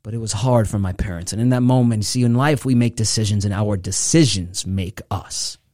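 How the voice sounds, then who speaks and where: A man hosting a motivational podcast, telling a personal story with intensity, his voice swinging between hushed and loud. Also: lowish voice, moderate pace, no room sound, clean studio sound.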